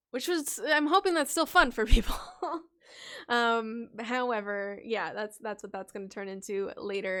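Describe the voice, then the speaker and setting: A woman's voice: fairly high pitch, smooth. A woman hosting a casual livestream, reading viewers' character stories aloud in a chatty, playful way. She laughs often, stumbles over her reading and corrects herself.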